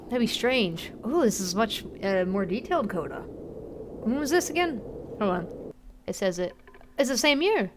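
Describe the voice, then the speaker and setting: A woman streaming a game live, chatty and rambling, thinking out loud and easily moved. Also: on the high side, very animated, a little slow, background noise. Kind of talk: live gameplay commentary.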